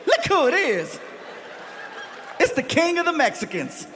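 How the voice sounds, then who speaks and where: A man impersonating a loud, excited male comedian who shouts in high yelps. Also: unhurried, heavy background noise, heavily acted. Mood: delighted.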